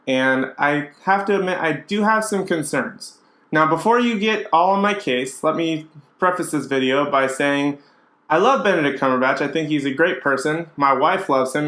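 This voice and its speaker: A young man talks straight to the camera in a casual, opinionated vlog, often stopping on ums and uhs. His voice sits a little high for a man. The room around him is bare and echoey. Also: a bit bright. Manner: chatty, opinionated, frequent fillers. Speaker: vlogger.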